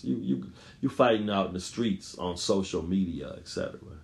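A man's voice: deep voice, unhurried, creaky. A male pastor preaching a sermon with emphasis, repeating key phrases and punching out important words.

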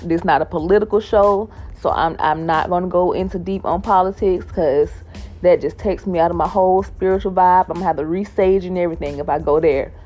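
A woman's voice: medium pitch, a little mellow. A young woman hosting a personal spiritual podcast, talking in a heartfelt, repetitive way. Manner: heartfelt, repetitive phrasing, sighs and laughs. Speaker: podcast host.

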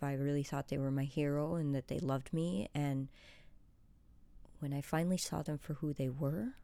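A woman vlogger speaking earnestly and openly about her recovery, soft-spoken and nervous, at times dropping to a hushed whisper as she reads her journal aloud. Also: sits low, vocal fry, dry recording. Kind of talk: candid personal monologue, reading her journal aloud.

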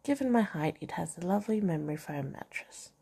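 Brief: woman reading a romance novel aloud, gravelly, dark tone, chatty asides. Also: lowish voice, expressive, fairly quick. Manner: reads dialogue and narration, breaks off to comment and laugh. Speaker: reader of a novel.

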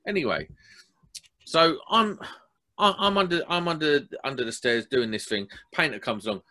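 A young man, hosting a casual podcast and telling a wound-up story in a blunt, animated way. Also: a little high, moderate pace. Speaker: podcast host.

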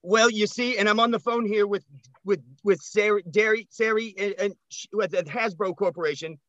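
A flustered, creepy man, put on by a man, stammering and calling people "dearie". The voice sits high for a man, dull and dry in the mix. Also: fairly even intonation, normal speed, a bit bright, dry recording. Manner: stammering, wheedling.

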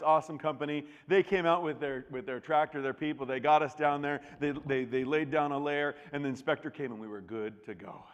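A middle-aged man preaching a sermon, telling a story with lively acted-out voices. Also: fairly high pitch. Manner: animated storytelling, acts out voices. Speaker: pastor. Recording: long reverb of a large hall.

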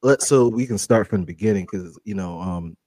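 A young man, co-hosting a family podcast in a relaxed, halting way. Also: on the low side, no echo. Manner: relaxed, hesitant, many fillers and restarts. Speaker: co-host. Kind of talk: casual family podcast chat.

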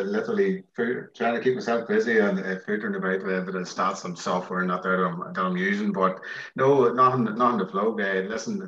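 A man's voice: deep voice, a bit bright, reverberant, dull audio. A man, a podcast guest, talking in an easygoing, hesitant way with many fillers. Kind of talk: casual chat.

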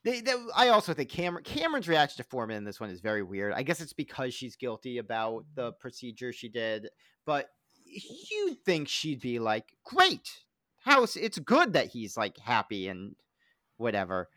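A man's voice: medium pitch, moderate pace, no room sound, clean studio sound. A man co-hosting a comedy podcast, chatting casually and jokily, often trailing off and restarting mid-sentence. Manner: animated, jokey, trails off and restarts. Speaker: podcast host.

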